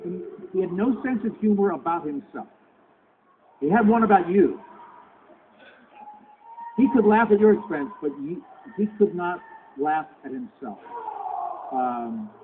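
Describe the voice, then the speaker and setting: Man telling stories on a tinny convention recording. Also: sits high. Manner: halting, with many restarts and fillers. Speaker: convention panel guest. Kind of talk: anecdotal Q&A talk. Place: convention hall. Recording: tinny lo-fi convention hall recording with background noise.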